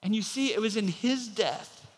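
A man's voice: sits high, lively intonation, moderate pace, long reverb tail. A man preaching a sermon as pastor, telling a story and acting out the voices of the people in it.

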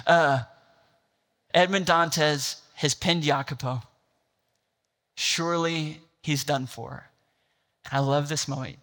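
Bright-voiced male pastor preaching. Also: mid-range voice, in a large hall. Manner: storytelling, building to an impassioned climax. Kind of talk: sermon.

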